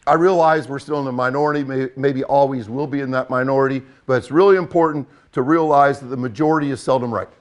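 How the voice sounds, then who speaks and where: Older male coach, higher-pitched, blunt and emphatic delivery. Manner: blunt, emphatic, repeats for effect. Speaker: football coach. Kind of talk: coaching talk.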